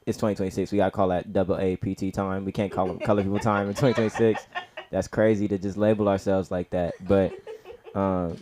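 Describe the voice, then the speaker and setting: At a comedy club open mic, a young stand-up comic of Nigerian heritage rambles in heavy slang, dropping "bro" and "you feel me" constantly and going loud and high when he acts out stories. He talks fast with little pitch movement, and there's background noise.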